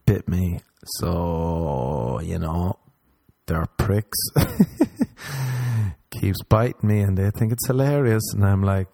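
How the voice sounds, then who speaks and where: A young Irish man rambling sardonically in a casual comedic monologue, jumping up in pitch when he acts out other people. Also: vocal fry, warm tone. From Ireland.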